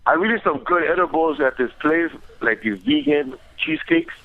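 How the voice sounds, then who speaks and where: A man's voice: a little high, lively intonation, moderate pace, gravelly. Laid-back man on a tinny phone line. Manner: laid-back, says man and bro a lot. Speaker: comedian calling in. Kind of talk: casual phone-in chat.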